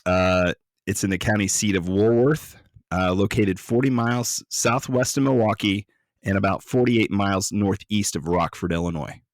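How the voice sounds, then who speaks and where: A man's voice: lowish voice, normal speed, dry recording. A man co-hosting a podcast in casual, joking talk, swearing freely. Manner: joking, profane, relaxed. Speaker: podcast co-host.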